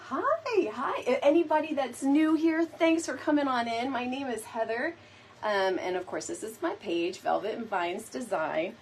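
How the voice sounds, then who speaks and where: A woman's voice: fairly high pitch, expressive, normal speed, husky. A woman hosting a casual live crafting chat, playful and talking straight to her viewers. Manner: chatty, playful, addresses viewers often. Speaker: DIY decor host.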